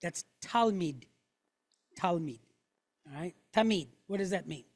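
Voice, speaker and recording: A woman's voice: on the low side, animated, normal speed, darkish tone, no room sound. A middle-aged woman teaching a Hebrew class, explaining step by step and checking in with the room after each point. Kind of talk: classroom lesson.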